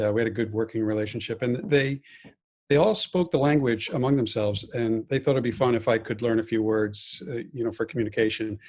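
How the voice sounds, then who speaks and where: A man co-hosting a podcast who tells easygoing workplace and audition stories at a relaxed, unhurried pace. His pitch sits in the everyday middle range for a man. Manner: relaxed anecdotal storyteller. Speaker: podcast co-host. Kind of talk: casual chat.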